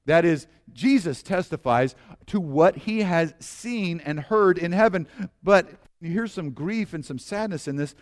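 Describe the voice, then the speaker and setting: A middle-aged male pastor preaching a sermon in an earnest way, dropping to hushed low phrases and rising to loud calls for the congregation to repeat after him.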